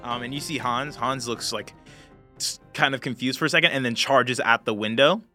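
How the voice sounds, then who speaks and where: A man's voice: mid-range voice, normal speed, over music. A man narrating as game master of a tabletop game, loose and full of fillers like "kind of" and "um". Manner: loose, many fillers and hedges.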